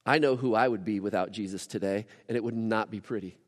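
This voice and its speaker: A man preaching a casual, animated sermon as a pastor, with lively asides to the congregation. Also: fairly low pitch, fast talker, in a large hall. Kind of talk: conversational sermon.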